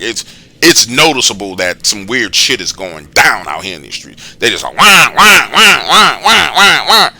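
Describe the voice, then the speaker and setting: A man tells a personal story in a casual, profane monologue, acting out the scenes as he goes. His voice is very bright and cutting. His pitch leaps up and down with lively energy. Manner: animated, profane, slangy, re-enacts scenes loudly. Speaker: channel host telling personal stories.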